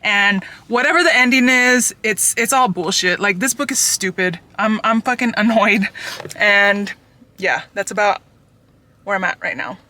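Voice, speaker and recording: A young woman vents about a novel in a casual vlog. Her voice is bright and forceful, her delivery emphatic and full of swearing. She sounds thoroughly exasperated. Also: medium pitch, a little slow. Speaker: book vlogger. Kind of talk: casual ranting book review.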